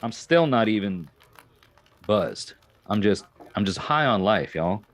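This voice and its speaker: A man's voice: fairly low pitch, big pitch swings, measured pace. A man chatting casually and goofily while streaming a game. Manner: rambling, joking, goofy. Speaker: live-stream gamer. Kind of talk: casual live-stream chat.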